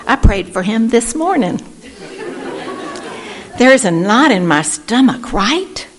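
A woman from Texas tells her personal story at a recovery meeting, speaking earnestly and acting out the voices of people she quotes. Her voice is a little high and very animated, yet slow, with frequent pauses. Some chatter can be heard in the background.

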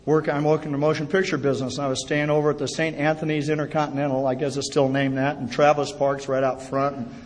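A man's voice: a little high, little pitch movement, fast talker, hardly any pauses. Chatty man telling jokes in an echoing hall. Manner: chatty, self-deprecating, joking storyteller. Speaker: speaker at a recovery meeting. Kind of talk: personal recovery talk to an audience. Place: meeting hall before an audience. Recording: live talk in a reverberant hall.

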